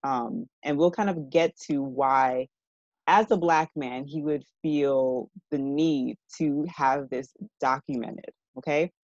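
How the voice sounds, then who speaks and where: A woman giving an evening university lecture in a measured, explanatory way, often checking in with her listeners. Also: extremely low pitch, darkish tone, no echo, lo-fi sound.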